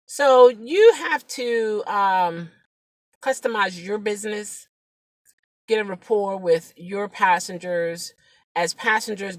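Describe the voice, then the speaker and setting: A woman's voice: medium pitch, no room sound. A woman who drives rideshare, talking to the camera in a chatty, preachy way, rambling with fillers and sometimes dropping to a whisper. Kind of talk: casual vlog talk.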